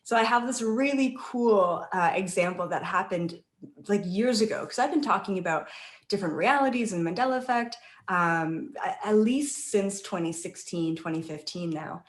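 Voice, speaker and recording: Chatty female guest, conversational storyteller, middle pitch, roomy recording. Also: normal speed. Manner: chatty, with frequent tag questions. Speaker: intuitive channeller guest. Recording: roomy echo.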